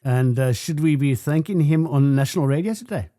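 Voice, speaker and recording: A man's voice: fairly high pitch, a little fast, warm tone, no echo, studio quality. Playful South African radio host man. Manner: playful, teasing questions. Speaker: radio breakfast show host. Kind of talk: radio interview. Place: radio studio.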